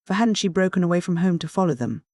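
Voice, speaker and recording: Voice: medium pitch, animated, quick pace, darkish tone, no room sound. Dry, close audiobook narrator. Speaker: audiobook reader.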